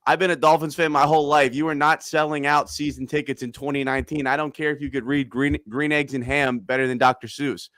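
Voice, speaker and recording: A man in his thirties hosting a casual sports chat, excitable and animated, breaking into quick bursts of excitement. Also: fairly high pitch, no room sound, studio quality. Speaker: podcast host.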